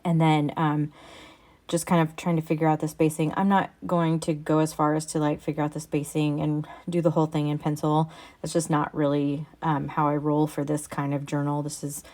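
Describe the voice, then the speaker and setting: A woman with a low, fairly flat voice talks through her craft project as a casual voice-over. She meanders along easily, pausing on ums and restarting her sentences. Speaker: craft vlogger.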